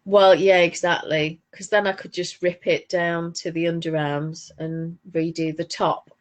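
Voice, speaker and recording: A woman's voice: on the low side, level tone, measured pace. A woman from northern England, co-hosting a crafting podcast in casual, rambling chat full of restarts. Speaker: podcast co-host.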